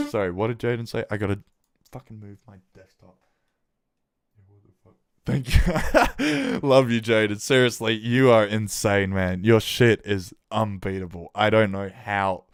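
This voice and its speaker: Excitable man hosting a music livestream. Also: on the low side, takes it slowly, long pauses, no room sound. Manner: excitable, swears a lot, frequent laughter and shout-outs. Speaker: livestream host reviewing listener tracks. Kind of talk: casual livestream chat.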